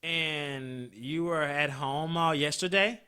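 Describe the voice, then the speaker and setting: Guy doing a annoyed dude, short and dismissive, kinda lower pitched. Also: takes it slowly, bright, forceful tone, clean tone. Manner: curt, dismissive. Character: irritated young man, curt casual hookup.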